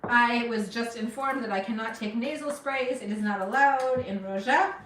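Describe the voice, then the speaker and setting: A woman's voice: a little high, normal speed, fairly bright tone, reverberant, recorded from a distance, slight background noise. A middle-aged woman from Afghanistan with no accent, chatting to livestream viewers while she cooks. She sniffles a little from allergies. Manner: chatty, encouraging, talks to viewers while cooking. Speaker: cooking livestreamer. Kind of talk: casual live cooking stream chat. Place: home kitchen.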